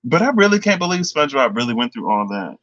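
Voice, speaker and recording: A man giving a casual tarot reading, chatty and thinking aloud, slipping into animated retellings. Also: medium pitch, fast talker, no room sound, muffled recording. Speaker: tarot reader.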